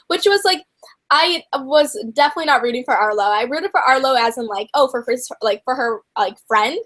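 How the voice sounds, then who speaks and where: High-voiced chatty young woman host. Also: animated, brisk, a bit bright. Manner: chatty, rambling, heavy on filler words. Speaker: host of a book channel. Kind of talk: casual live book discussion.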